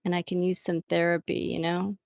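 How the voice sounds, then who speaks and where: A woman's voice: lowish voice, little pitch movement, a little fast, gravelly, darkish tone, dry recording, studio quality. A woman chatting casually with viewers while she draws on a livestream, laughing often as she reads out their comments. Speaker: art livestream host.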